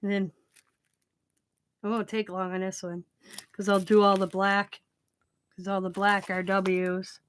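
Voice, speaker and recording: A woman's voice: medium pitch, flat delivery, measured pace, long pauses, smooth. A middle-aged woman hosting a crafting channel, chatting casually, laughing often and breaking off to restart her sentences.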